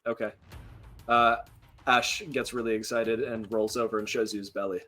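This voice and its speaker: A man's voice: lowish voice, flat delivery, normal speed, sharp tone, faint music behind. A man running a tabletop game as game master, narrating casually with many fillers.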